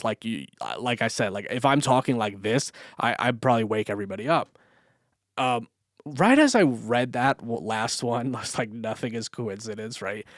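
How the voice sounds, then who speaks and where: A man's voice: mid-range voice, dry recording, clean studio sound. A man telling a story in a loose, rambling podcast monologue, swearing often and full of fillers. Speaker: podcast host. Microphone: camera mic.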